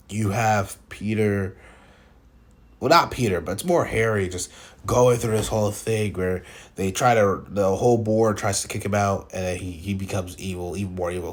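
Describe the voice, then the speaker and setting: A man with a lowish, slightly mellow voice gives casual spoken film reviews. He's opinionated and rambling, often restarting his sentences.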